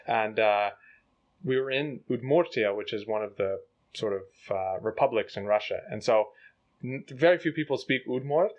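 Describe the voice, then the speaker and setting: A man's voice: fairly low pitch, dull audio. A young man telling a funny story in casual chat, acting out the quoted lines with animation. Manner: animated, acts out rapid panicked quotes.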